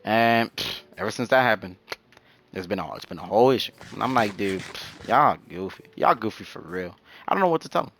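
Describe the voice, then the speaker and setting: A man's voice: lowish voice, a little fast, slight background noise. A young man chatting casually and rambling in slang while he plays a video game. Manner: rambling, slangy, animated storytelling. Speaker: gaming channel host. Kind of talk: casual chat while gaming.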